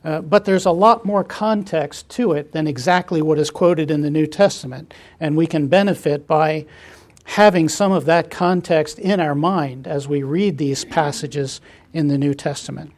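A man leading a Bible study, reading scripture aloud and explaining it with frequent pauses and fillers. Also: a little high, darkish tone.

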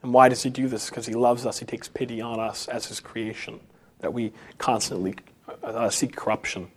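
Man of ordinary pitch preaching loosely, stumbling and building emphasis. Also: flat delivery, breathy edge. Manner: halting, with many restarts and rising emphasis. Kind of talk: unscripted sermon.

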